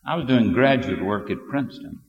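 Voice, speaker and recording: An older man preaching a sermon, telling a family story in an unhurried, storytelling way with sudden bursts of emphasis. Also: medium pitch, lively intonation. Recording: dull lo-fi audio with long hall reverb.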